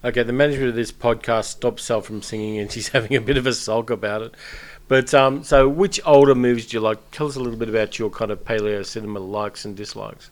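A male podcast host who talks quickly and bluntly, swearing freely as he argues about films. His pitch sits in an ordinary middle range, and his chat stays loose and opinionated. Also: steady tone. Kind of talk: casual film chat.

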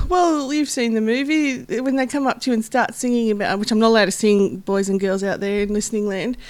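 Teasing woman with a higher voice. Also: fairly even intonation, brisk. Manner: teasing, laughs often. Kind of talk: casual film chat.

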